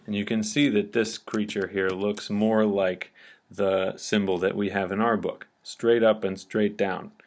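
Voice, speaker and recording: Male teacher, lowish voice, patient step-by-step lecture, light typing behind. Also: little pitch movement, unhurried. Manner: patient, step-by-step explaining with frequent "okay?" checks. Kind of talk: recorded grammar lecture.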